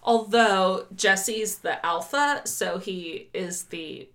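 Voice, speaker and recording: A woman's voice: mid-range voice, drawn-out words, fairly bright tone. A woman co-hosting a casual podcast chat. She talks bluntly, swears freely, laughs often and sometimes reads a story aloud. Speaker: podcast co-host.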